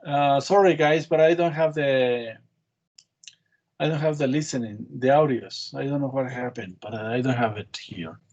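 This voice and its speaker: A man's voice: mid-range voice, a little mellow, dull audio. A man teaching an English class, quizzing students on spelling with short, patient prompts. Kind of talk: online class drilling spelling.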